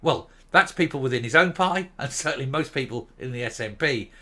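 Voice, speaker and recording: A man's voice: medium pitch, animated, brisk, sharp tone. A middle-aged man hosting an opinionated political commentary show, sneering and scornful, with frequent ums and uhs. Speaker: host.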